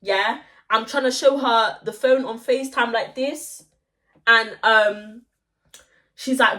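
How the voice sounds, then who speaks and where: A young woman, telling a story-time vlog in an animated, slangy way and acting out the voices of the people in it. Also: a little high, slow pace, long pauses. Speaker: vlogger.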